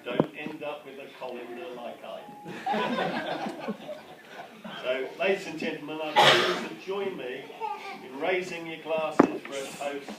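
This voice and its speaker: A man's voice: fairly high pitch, unhurried, pauses often, very noisy. A man giving a father of the bride wedding speech, joking and chuckling as he goes. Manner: joking, chuckling, gets emotional. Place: wedding reception hall. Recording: echoey hall from far off, loud ambience.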